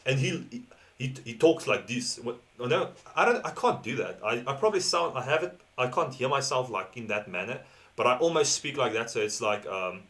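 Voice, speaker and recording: A man's voice: medium pitch, expressive, normal speed, bright, forceful tone. A man from South Africa with a South African accent, hosting a reaction video in rambling casual commentary and laughing often between thoughts.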